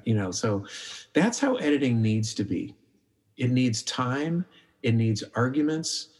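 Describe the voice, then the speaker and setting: A middle-aged man, a documentary filmmaker, talking casually in a podcast interview, telling stories and acting out his own thoughts, with many restarts. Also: mid-range voice. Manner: animated storyteller, acts out his own inner voice; frequent restarts and filler "like".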